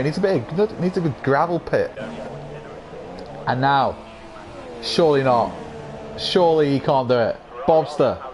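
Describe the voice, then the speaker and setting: A man with a croaky voice giving excitable live commentary on an online racing league, rising to yells at incidents. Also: a little high.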